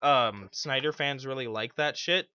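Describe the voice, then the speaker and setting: A man's voice: medium pitch, a little slow, sharp tone, smooth, highs cut off. A man casually chatting about a movie, swearing a lot and rambling with laughs. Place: home, at a desk chair.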